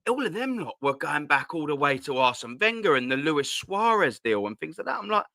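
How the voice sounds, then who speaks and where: A man's voice: on the high side, big pitch swings, brisk, few pauses, sharp tone, no room sound, clean studio sound. A man hosting a casual live stream from home, rambling and swearing with lots of slang into a cheap desk mic at his laptop. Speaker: host.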